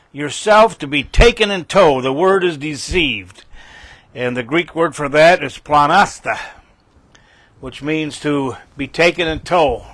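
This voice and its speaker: Older man, bible teacher, folksy, emphatic, slightly high voice. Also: measured pace, a bit bright, dry recording. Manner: folksy, emphatic, repeats key phrases.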